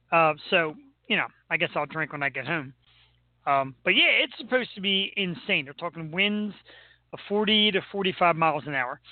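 A man's voice: a little high, no room sound. A man with a Philadelphia accent co-hosting a casual chat, joking and rambling. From Philadelphia area. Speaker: co-host. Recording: tinny phone-like call audio, dry.

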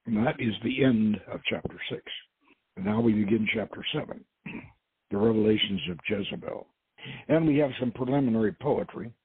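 Husky male host reading his adventure novel aloud, dry narrow phone-like radio sound. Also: on the low side, normal speed, no echo.

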